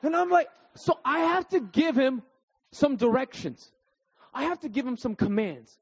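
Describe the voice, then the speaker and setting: Animated husky high-voiced preacher man. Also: moderate pace, muffled recording. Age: 30s. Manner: animated storytelling, keeps asking "right?". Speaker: pastor. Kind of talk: sermon.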